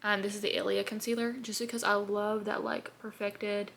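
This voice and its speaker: Chatty woman with a gravelly edge. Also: medium pitch, little pitch movement, normal speed, a bit bright. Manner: chatty, bubbly, rambling with fillers. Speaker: beauty vlogger. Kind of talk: casual get-ready-with-me chat.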